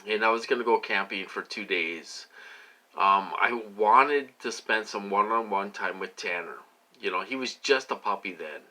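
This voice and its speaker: Male vlogger, low pitch, forceful edge, rambling. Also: low-quality recording. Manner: rambling, with frequent fillers and "you guys" asides. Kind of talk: rambling casual monologue.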